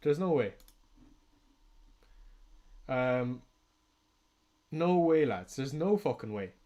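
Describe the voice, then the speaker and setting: A young Irish man hosting a fantasy football livestream, talking casually and excitably, swearing and laughing often. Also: medium pitch, takes it slowly.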